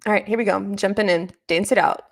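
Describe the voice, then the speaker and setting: A woman hosting a live reaction stream in casual chat, low on energy and slightly raspy near vocal fry, easily distracted and reading chat aloud. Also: steady tone, fast.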